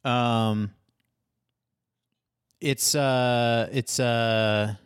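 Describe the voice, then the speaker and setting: A man's voice: medium pitch, steady tone, drawn-out words, clear, resonant tone. A young man co-hosting a podcast in casual chat, incredulous and profane as he talks. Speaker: podcast co-host.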